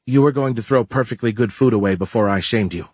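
A man voicing a calm, wry man who speaks in a dry, measured way, in an audiobook. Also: on the low side, breathy edge, dry recording.

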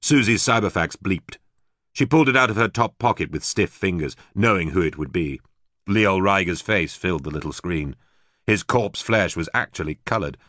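A man narrating an audiobook in a steady, even storytelling manner. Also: low-pitched, no echo, studio quality.

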